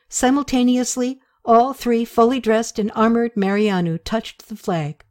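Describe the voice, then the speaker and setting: A woman narrating an audiobook chapter with steady, expressive storytelling. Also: fairly high pitch, a little slow.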